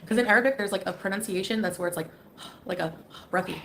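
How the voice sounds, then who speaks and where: A woman's voice: mid-range voice, fast talker, gravelly, a bit bright, a little hiss or hum. A woman chatting casually on a live stream, giggling and rambling while greeting viewers by name. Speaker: livestreamer.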